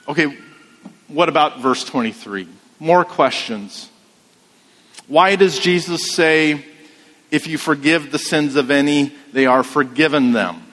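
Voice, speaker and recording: Slow-preaching man in a reverberant hall. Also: a little high, fairly bright tone. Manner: measured, emphatic, rhetorical questions. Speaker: pastor. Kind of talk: sermon.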